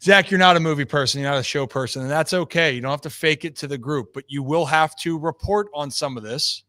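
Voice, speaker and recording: A man's voice: on the high side, fast. A man hosting a casual talk show, joking with his co-hosts and reading an ad. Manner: loose, joking, animated. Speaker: show host. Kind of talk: casual chat and ad read.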